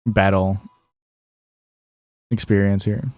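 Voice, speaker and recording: A man's voice: on the low side, level tone, takes it slowly, a little mellow, dry recording, studio quality. Rambling Midwestern man streaming a game. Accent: Midwestern American. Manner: rambling, lots of fillers and restarts. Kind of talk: casual gameplay commentary.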